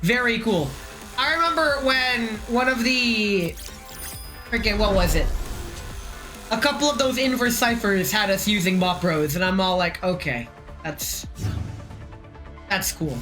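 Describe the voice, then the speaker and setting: A woman's voice: fairly high pitch, expressive, unhurried, sharp tone, soft background music, rough recording. A woman live-streaming a game, chatting in a joking, profane, rambling way. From United States. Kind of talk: casual live-stream chat while playing a game.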